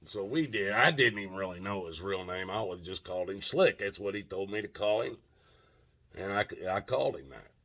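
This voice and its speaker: A man's voice: deep voice, fairly quick, pushed and bright. A man telling a long personal story in a casual, rambling way, with frequent restarts and plenty of swearing.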